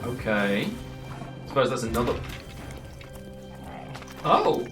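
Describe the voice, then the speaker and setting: A man's voice: medium pitch, animated, moderate pace, music in the background. A man giving casual, rambling gameplay commentary while streaming and answering chat between plays. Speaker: streamer playing a card game.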